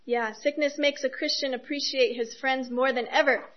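Woman preacher, high voice, earnest and personal, dull lo-fi recording. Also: fairly even intonation, normal speed. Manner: earnest, personal, with soft laughs. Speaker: speaker giving a devotional talk. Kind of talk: sermon.

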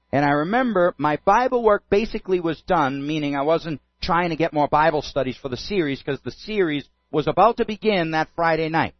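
A man's voice: a little high, dry recording. A man preaching a sermon and telling a story in an earnest way. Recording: dull, dry lo-fi sound.

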